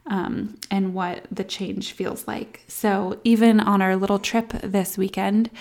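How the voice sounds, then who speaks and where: A woman's voice: medium pitch, vocal fry. A woman in her thirties talks openly in a casual vlog about life as a new mom. Her delivery is reflective and candid, sometimes close to tears. It sounds like personal chat aimed at her followers. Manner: candid, reflective, soft baby talk asides. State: emotional, near tears at times.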